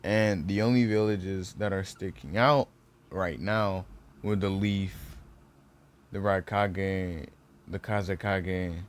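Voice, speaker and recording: A man's voice: low voice, a little hiss or hum. A young man casually retelling a fan-made ninja story, rambling with lots of fillers and restarts.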